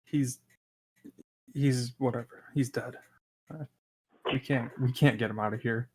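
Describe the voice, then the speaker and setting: Player, even monotone delivery, matter-of-fact. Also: mid-range voice, a little slow, a little hiss or hum. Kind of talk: casual tabletop play.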